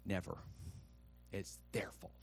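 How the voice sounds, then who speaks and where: Male pastor, church sermon, slow deliberate delivery, call-and-response, music bed. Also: low-pitched, level tone, gravelly. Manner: emphatic, calls for congregation response.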